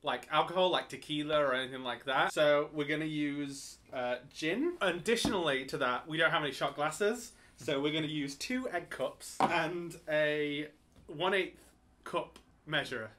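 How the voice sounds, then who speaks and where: Brash, sweary comedy host. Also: male voice, fairly high pitch, normal speed, pushed and bright. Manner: brash, sweary, mock-announcer delivery. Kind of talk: loud comedic banter.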